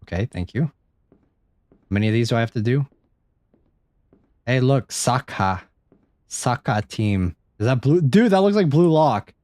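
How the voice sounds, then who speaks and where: A man's voice: mid-range voice, animated, measured pace, pauses often, a little mellow, dry recording. Jumpy, swearing male game streamer. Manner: jumpy, swears often, chats to viewers. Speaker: streamer playing a horror game. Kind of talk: live gameplay commentary.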